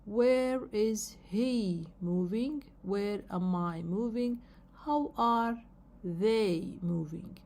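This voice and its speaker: A woman teaches English grammar at a very slow, deliberate pace. Her voice is mellow and soft-edged, and she repeats each rule and spells out word endings letter by letter. Her phrasing is sometimes non-native. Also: mid-range voice. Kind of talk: slow explanation of grammar rules.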